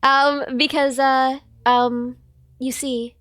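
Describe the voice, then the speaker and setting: A woman livestreaming in a casual, playful chat with viewers, her voice a bit hoarse, thanking people and joking about herself. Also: high voice, little pitch movement, drawn-out words, a bit bright, no echo, studio quality.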